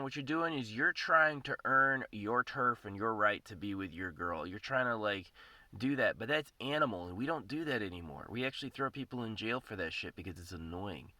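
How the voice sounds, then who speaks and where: Profane rambling man with a bright voice. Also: medium pitch, animated, normal speed, dry recording. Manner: profane, rambling, repeats himself. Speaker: podcast host. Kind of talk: casual ranting monologue.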